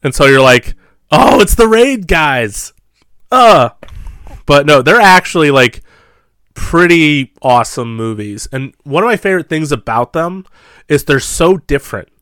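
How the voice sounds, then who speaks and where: Young male podcast co-host. Casual, rambling, filler-heavy movie chat; smooth voice, dry close sound. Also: fairly high pitch, lively intonation, normal speed, fairly bright tone, no echo. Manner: chatty, rambling movie talk with frequent fillers.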